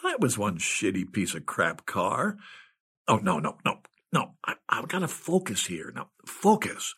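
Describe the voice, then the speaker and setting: A man's voice: fairly low pitch, wildly swooping pitch, measured pace, fairly bright tone, breathy edge. A man telling a comic first-person story, giggly and stoned, keeps breaking into laughter.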